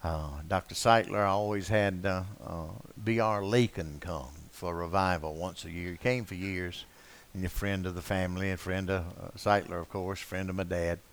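An older man preaching a sermon, telling rambling anecdotes full of uh fillers and swinging between loud and soft passages. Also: deep voice, fairly even intonation, normal speed. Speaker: pastor. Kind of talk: sermon with folksy storytelling.

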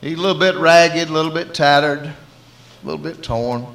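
Southern man, preacher, folksy storyteller, slightly higher voice. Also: moderate pace, creaky, fairly bright tone. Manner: folksy storytelling, acting out dialogue. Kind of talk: sermon.

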